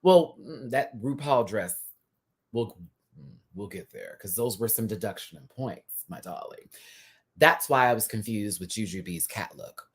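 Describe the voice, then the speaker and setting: A man hosting a casual live review. He talks in a sassy, chatty way, full of drag slang and quick laughs. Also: lively intonation, fairly bright tone. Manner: laughs often, dramatic pitch swings. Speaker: host reviewing a TV episode live.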